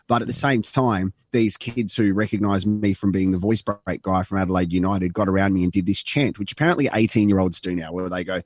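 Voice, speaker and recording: An Australian man with a low voice spins a long, rambling anecdote in casual radio chat. He drops into the voices of the people in his story. The sound is close and dry. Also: fairly quick, hardly any pauses, darkish tone, no room sound. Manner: rambling anecdotal storyteller, swearing, acting out quotes. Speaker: radio show co-host.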